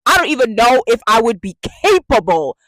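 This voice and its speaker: A woman's voice: on the high side, a little fast, very noisy. A woman hosting a reaction video, talking casually and swinging between disbelief, swearing and exclaiming. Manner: animated, exclaiming, swearing, breaking into laughter.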